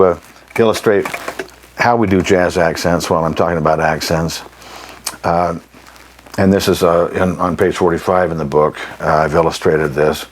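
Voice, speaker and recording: A man teaching saxophone articulation, explaining in an unhurried way, often clearing his throat and pausing with ums. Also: low-pitched, a little hiss or hum. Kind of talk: instructional lesson.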